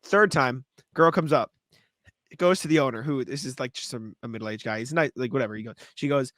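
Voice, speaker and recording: A man's voice: mid-range voice, a little fast, fairly bright tone, no echo. A young man co-hosting a podcast, telling a drunken night-out story with laughs and plenty of swearing. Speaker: podcast co-host. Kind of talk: casual chat.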